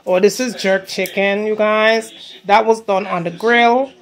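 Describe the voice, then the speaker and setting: A woman's voice: medium pitch, steady tone, unhurried. A tired woman hosting a casual cooking vlog in her home kitchen, chatting to viewers as y'all while filming on her phone. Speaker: cooking channel host.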